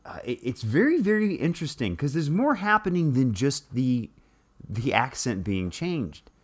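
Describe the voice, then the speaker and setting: A man's voice: medium pitch, very animated, moderate pace, breathy edge. A man talking casually through an explainer monologue, with frequent restarts and fillers.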